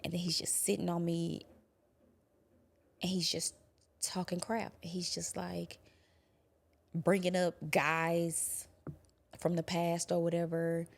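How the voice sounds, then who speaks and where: Low gravelly woman telling her story. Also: little pitch movement. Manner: quiet, halting, drops to a whisper at hard moments. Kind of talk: personal testimony.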